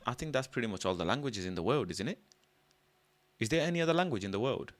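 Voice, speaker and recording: A young man hosting a casual livestream, thinking out loud in an animated way and breaking into loud shouts. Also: on the low side, fast talker, no room sound. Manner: animated, musing aloud, loud shouted bursts. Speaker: livestream host.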